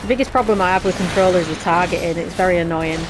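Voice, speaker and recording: Speaking fast in a fairly low voice, this Yorkshire woman gives loose, rambling let's play commentary with restarts and British slang. Music plays underneath and the recording is rough.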